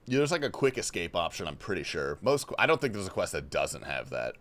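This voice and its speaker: Streaming a casual gaming session, this lively young Australian speaks quickly in a low-sitting voice. He reads questions from chat out loud and answers them loosely with frequent swearing, wearing headphones and talking into a desk mic.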